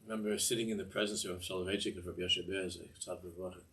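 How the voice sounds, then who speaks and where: A man's voice: deep voice, fairly even intonation, quick pace, sharp tone. An older man teaching a Torah class in a discursive way, often repeating words and mixing in Hebrew phrases.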